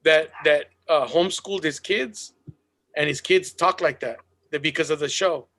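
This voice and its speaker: A man's voice: fairly high pitch, moderate pace, sharp tone. A man in casual chat over a video call, rambling and swearing, with bro and dude.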